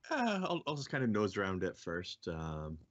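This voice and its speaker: Man tabletop player, low voice, lively pitch, joking, lo-fi mic. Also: normal speed. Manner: laughing, joking. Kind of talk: casual game chat.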